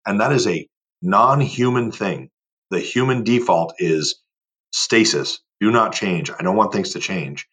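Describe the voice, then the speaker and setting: Guest, male, deep husky voice, driven and emphatic, interview chat. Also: animated, unhurried, fairly bright tone. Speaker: guest, board game company owner. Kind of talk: casual podcast interview.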